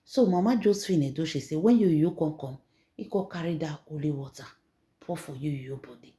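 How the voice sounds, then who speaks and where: A woman's voice: low voice, brisk. Nigerian Pidgin woman telling gossip. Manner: animated, repeats words, acts out quotes. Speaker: gossip storyteller. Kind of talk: dramatic retelling in Pidgin.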